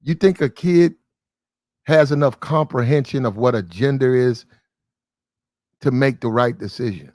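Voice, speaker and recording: A man's voice: medium pitch, a little slow, long pauses, darkish tone, dry recording. Man, livestream host, blunt and disbelieving, swears casually; dry, close sound. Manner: blunt, incredulous, swears freely. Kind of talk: casual commentary.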